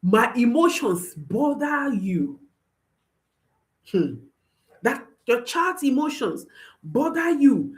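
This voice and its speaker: A woman's voice: a little high, very animated, takes it slowly, long pauses. A woman parenting coach giving advice to viewers, emphatic, often repeating her phrases and checking in with a questioning "hmm?".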